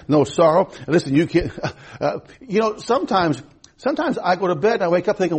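A pastor in his fifties preaches a sermon emphatically, repeating phrases and restarting as he goes. His high-pitched voice is very animated and a little fast, with a darkish, slightly rough tone.

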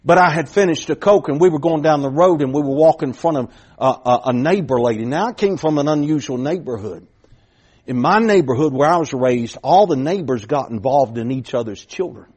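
A man's voice: a little high, expressive, fairly quick, a little mellow, breathy edge. A middle-aged man preaching a sermon, telling a folksy story with repeated starts that builds to emphatic points.

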